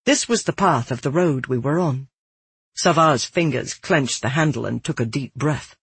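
An audiobook narrator reading a first-person fantasy story in a steady, earnest way. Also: mid-range voice, moderate pace, breathy edge, no echo.

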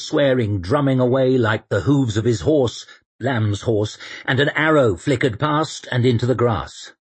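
Husky male audiobook narrator. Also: medium pitch, measured pace. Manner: steady, dramatic storytelling. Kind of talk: scripted narration.

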